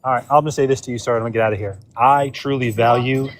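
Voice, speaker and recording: A man's voice: mid-range voice, fairly even intonation, very fast, a little hiss or hum. Mid-voiced male panelist, sarcastic and cutting in debate. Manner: sarcastic, cutting, repeats himself. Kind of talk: heated political debate.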